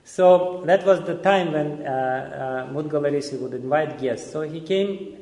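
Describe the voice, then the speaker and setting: A man's voice: on the high side, a little slow, darkish tone. A man teaching a seminar, telling a story in a conversational, often chuckling way. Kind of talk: storytelling lecture. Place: lecture hall. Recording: echoey hall.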